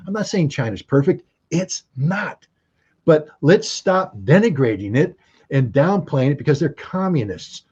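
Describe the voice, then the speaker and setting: Man, interview guest, husky mellow voice, emphatic and sardonic, dull lo-fi sound. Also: on the high side, very animated, a little slow. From United States. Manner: emphatic, sardonic, rhetorical questions. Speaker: guest commentator. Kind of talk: interview commentary. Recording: dull lo-fi recording.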